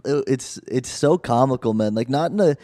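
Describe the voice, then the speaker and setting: A young man chats casually as a podcast guest, rambling through stories in a laid-back way. His voice is mellow and warm, and it is recorded dry and close with no room sound. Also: medium pitch, moderate pace, no room sound. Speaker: comedian guest.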